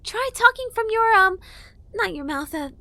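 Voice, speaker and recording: A woman's voice: very high voice, animated, moderate pace, sharp tone, dry recording, pitched above the performer's own voice, exaggerated voice. A woman voicing a pushy, flustered young female fairy who stammers and talks with sarcasm in an audiobook. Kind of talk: audiobook character voice.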